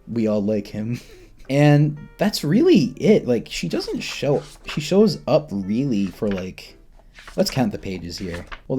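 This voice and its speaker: A man with a mid-range, dark voice reviews a comic book informally to camera, rambling, laughing often and poking fun at himself.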